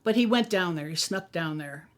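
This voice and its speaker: A woman's voice: lowish voice, lively intonation, normal speed. A woman in a documentary interview, plainly retelling what she was told.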